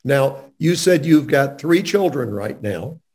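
A man's voice: medium pitch, animated, takes it slowly, a little mellow. A man interviewing a guest in a faith-based conversation, speaking in an earnest, emphatic way.

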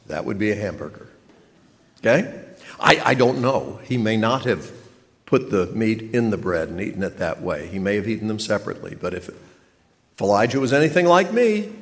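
A man preaching a sermon with dry humor, asking questions and answering them himself. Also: on the low side. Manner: wry, asks and answers his own questions. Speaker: pastor. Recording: long reverb of a large hall.

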